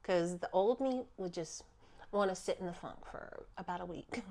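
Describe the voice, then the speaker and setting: A woman's voice: on the low side, normal speed, vocal fry, darkish tone. A woman who works as a spiritual healer, talking casually on a podcast and acting out her own inner voice with laughs.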